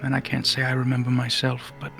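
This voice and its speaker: A man's voice: mid-range voice, monotone, quick pace, gravelly, a bit bright, faint music behind. A man voicing a pompous, forgotten female deity who speaks from a mass of light, hazy about who she is. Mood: pompous, musing. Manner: pompous, hazy and unsure of herself.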